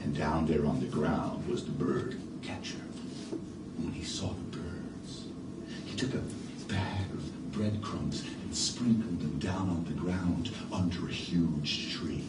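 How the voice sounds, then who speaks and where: A middle-aged man from New York City telling a story theatrically on a live stage, dropping to hushed tones and rising to loud ones. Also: very deep voice, slow. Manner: dramatic, animated, shifts between hushed and loud. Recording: echoey stage from far off with noise.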